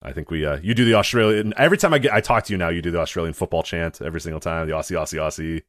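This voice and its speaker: A man's voice: low voice, rapid-fire, fairly bright tone, no room sound, studio quality. A man co-hosting a podcast in casual chat, rambling and correcting himself, laughing as he tells stories. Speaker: podcast co-host.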